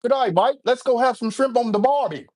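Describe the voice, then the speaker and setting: An American man voicing a cheery Australian bloke in a hammy, high-pitched put-on accent. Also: fairly quick, a little mellow. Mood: jokey cheerful. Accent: mock Australian, done by an American. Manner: hammy, jokey, raised pitch.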